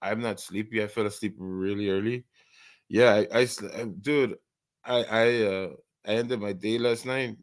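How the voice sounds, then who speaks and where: A man's voice: fairly low pitch, steady tone, moderate pace. A man hosting an early-morning live stream, chatting casually, rambling and stammering through many restarts and laughing often.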